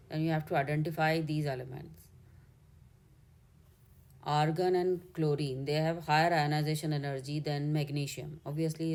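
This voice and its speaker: Indian woman, chemistry tutor, low voice, methodical step-by-step explaining. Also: a little mellow. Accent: Indian English. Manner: step-by-step explaining, corrects herself mid-way. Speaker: chemistry teacher. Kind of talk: exam solution walkthrough.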